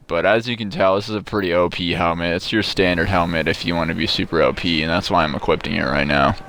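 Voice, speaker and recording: His voice sits low with a touch of brightness as this gamer narrates his play in a mock-bragging, sarcastic, profane style. The talk meanders with many restarts, and a bit of hiss or hum is audible.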